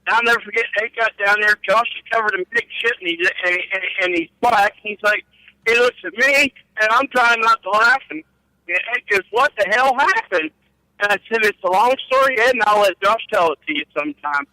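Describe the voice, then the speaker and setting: A man's voice: high-pitched, a little fast, bright, forceful tone, no echo, rough recording. A middle-aged man telling rambling, profane stories about his trucking days and laughing at his own tales. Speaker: guest storyteller. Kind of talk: casual storytelling.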